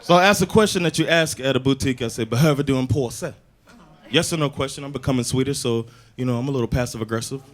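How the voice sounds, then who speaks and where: A man doing a stand-up comedy set, telling animated stories and slipping in Swedish phrases and big impressions. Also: mid-range voice, fast, a faint crowd. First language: English. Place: comedy club stage before a live audience. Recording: live club recording with audience laughter and noise.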